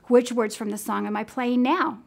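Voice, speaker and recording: A woman's voice: a little high, normal speed, gravelly, heavy background noise. A woman music teacher demonstrating simple rhythm lessons for classroom teachers, counting in and singing along patiently.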